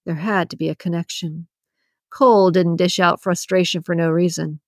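Low-voiced woman narrating an audiobook. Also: steady tone, moderate pace, no room sound, clean studio sound. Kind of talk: scripted narration.

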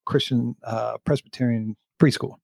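A man's voice: mid-range voice, fairly even intonation, gravelly, darkish tone, no room sound. A man co-hosting a casual faith podcast, telling a story about himself with a self-deprecating laugh. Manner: self-deprecating, laughs often, quick backchannels. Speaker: podcast co-host.

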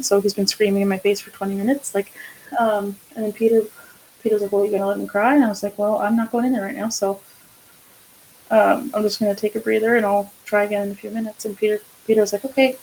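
A woman's voice: medium pitch, level tone, fast, vocal fry, dark tone, a little hiss or hum, low-quality recording. A woman co-hosting a casual podcast chat, speaking candidly and swearing freely as she tells stories and acts out quotes. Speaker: podcast co-host.

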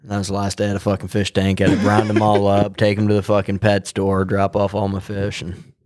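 Male podcast co-host, low pitch, dry sound, laid-back and casually profane. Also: completely flat delivery, brisk, a little mellow, no room sound. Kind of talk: casual chat.

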